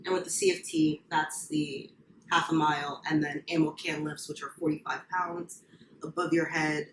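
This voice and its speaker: A young woman who served as a Marine, chatting casually as a podcast guest and telling her stories in an animated way, often laughing. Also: low-pitched, normal speed. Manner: animated storytelling, frequent laughs. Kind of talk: casual chat. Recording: echoey room, faint noise.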